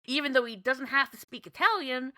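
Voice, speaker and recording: A woman's voice: high voice, a little fast, bright, forceful tone, no echo. A woman co-hosting a podcast in casual chat, talking in an enthusiastic, gushing way. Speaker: podcast co-host.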